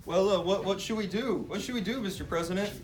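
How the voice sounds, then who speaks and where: A young man playing a fawning, flattering cabinet secretary in an amateur comedy skit, gushing and breaking into laughter. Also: high-pitched, quick pace, roomy sound, distant mic, lightly acted. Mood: worried. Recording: noisy amateur recording.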